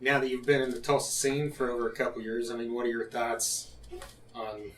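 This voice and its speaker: A man's voice: medium pitch, fairly even intonation, brisk, a bit bright, distant mic, slight background noise. A man hosting a podcast, easygoing, asking questions and mostly answering with short agreement. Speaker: podcast host. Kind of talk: casual podcast chat. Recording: roomy and off-mic.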